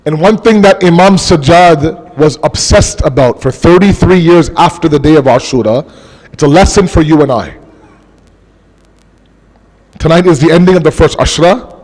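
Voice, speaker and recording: A man with a fairly high voice preaches a mourning sermon with passion, drawing out key words to press them home. His voice carries a long reverb from a large mosque hall. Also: a little mellow. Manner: impassioned, slows down for emphasis. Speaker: majlis speaker.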